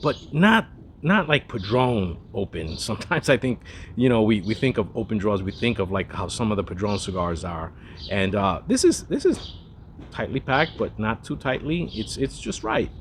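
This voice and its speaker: In a lowish, sing-song voice at a moderate pace, a man rambles through a casual cigar review monologue, full of asides and restarted sentences. A little hiss or hum sits under the recording.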